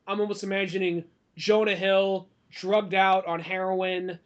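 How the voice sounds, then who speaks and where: A man's voice: high voice, flat delivery, a little slow, dull audio. A man in his twenties co-hosting a podcast, talking casually in a loose, profane, musing way. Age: 20s. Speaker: podcast co-host. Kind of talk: casual chat.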